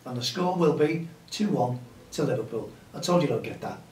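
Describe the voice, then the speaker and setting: Hoarse Merseyside man rambling on his show. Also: medium pitch, lively intonation, moderate pace, darkish tone, a little hiss or hum. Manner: rambling, folksy, repeats himself. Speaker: host of a grassroots football show. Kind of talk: casual chatty show talk. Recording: echoey room, mic at a distance.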